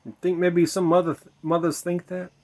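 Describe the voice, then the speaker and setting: A man's voice: high-pitched, level tone, a little fast, mellow. A tipsy man rambling to camera outdoors at night, repeating himself, swearing and musing aloud to viewers he calls his children. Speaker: vlogger in a "Mother" persona. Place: outdoors at night beside a bar.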